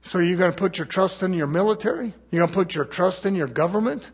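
A man preaching a fiery, scolding sermon, swinging from loud exhortation to low, muttered asides. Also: fast talker, breathy edge.

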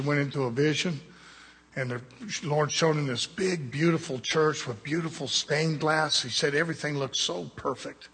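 A man's voice: on the high side, fairly bright tone, slightly rough, long reverb tail. A man preaching a sermon, with blunt, conversational jabs at his congregation.

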